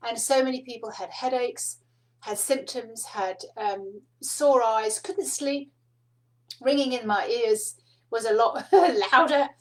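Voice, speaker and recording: Soft-spoken woman reading oracle cards. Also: fairly high pitch, slow pace, poor audio. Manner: soft, meandering, with light laughs and fillers. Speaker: spiritual card reader and host. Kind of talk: casual spoken teaching to camera.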